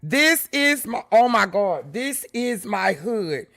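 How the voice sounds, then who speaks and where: A woman from Houston with a Southern accent, hosting a livestream in excited casual chat, loud and full of laughter and slang. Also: medium pitch, takes it slowly, gravelly. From Houston, Texas. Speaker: livestream host.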